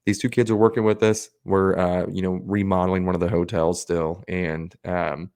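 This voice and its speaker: Guy on a podcast telling a funny story, kinda low voice, swears a lot and does the voices. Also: normal speed. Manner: animated storyteller, swears, acts out quotes. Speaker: podcast co-host. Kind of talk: casual storytelling chat.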